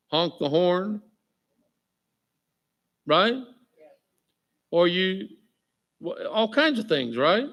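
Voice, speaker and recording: A man's voice: sits high, vocal fry, fairly bright tone. Joking male pastor preaching. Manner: jokey, keeps asking the crowd "right?"; reads scripture aloud with slow emphasis. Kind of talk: sermon. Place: church.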